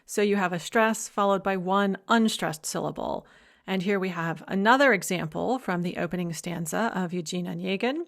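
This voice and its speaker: A woman giving a recorded lecture, explaining points clearly and stressing key ideas. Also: on the low side, normal speed.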